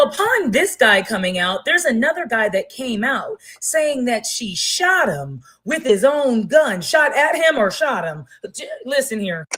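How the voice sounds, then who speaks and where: A woman hosting a gossip podcast, talking in an animated, blunt and profane way. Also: fairly high pitch, rough recording. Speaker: podcast host. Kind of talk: casual gossip commentary.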